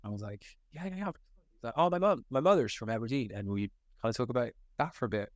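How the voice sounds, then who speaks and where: A young man from Scotland, an actor, telling set stories in a casual interview, animated and slangy, full of filler likes. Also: medium pitch, fast talker, no room sound. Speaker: actor guest.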